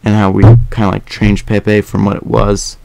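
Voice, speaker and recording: Young male podcast host, low gravelly voice, dry close sound, chatty and meandering. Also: monotone, normal speed, mellow, no echo. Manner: rambling, many fillers and restarts. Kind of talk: casual podcast chat.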